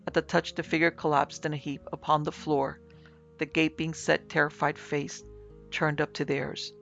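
A man narrating a classic ghost story in a formal, dramatic reading, in a slightly muffled recording with soft music. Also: a little high, little pitch movement, moderate pace, gravelly. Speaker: narrator and producer. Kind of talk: audiobook narration.

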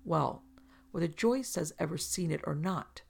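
A woman reading aloud and voicing a grave, somewhat sheepish gentleman scientist. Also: low-pitched, expressive, measured pace, creaky, full character voice.

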